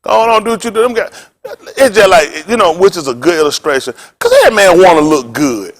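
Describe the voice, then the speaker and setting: A man preaching as pastor in a joking, rambling sermon, animated and laughing often with loud exclamations. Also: a little high, a little fast.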